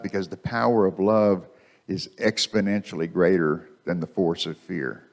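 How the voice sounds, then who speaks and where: A man's voice: fairly low pitch, darkish tone. A man giving a conversational sermon in a church, repeating phrases for emphasis and speaking into a microphone. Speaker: guest speaker. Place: church sanctuary.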